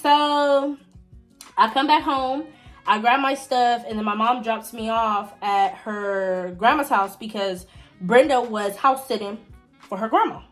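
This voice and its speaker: High-voiced chatty young woman vlogger. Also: a little slow, faint music behind. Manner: chatty, talks straight to viewers; big pitch jumps in excited moments. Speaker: vlogger telling a story. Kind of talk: casual storytime chat.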